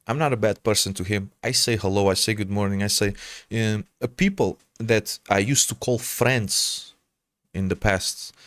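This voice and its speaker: Streamer, man with a blended Portuguese accent, lowish voice, dry close mic, halting chatty delivery. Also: no echo. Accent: Portuguese, mixed. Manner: hesitant, stammers and restarts, calls people brother. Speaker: game streamer. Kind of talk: casual chat answering viewers.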